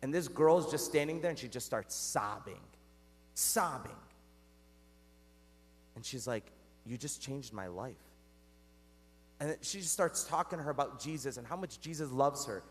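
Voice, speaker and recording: A man's voice: a little high, lively intonation, normal speed, pauses often. A man preaching a sermon as a priest, earnest and conversational, asking the congregation questions and calling them "guys". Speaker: Catholic priest. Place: church. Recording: long reverb of a church.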